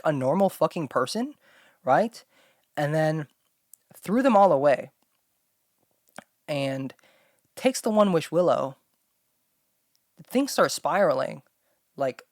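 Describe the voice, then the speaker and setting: A woman's voice: fairly low pitch, darkish tone, no room sound, clean studio sound. A young woman hosting her own chat show, rambling with constant fillers and talking bluntly with plenty of swearing. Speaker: solo podcast host. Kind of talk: casual talking-to-camera chat.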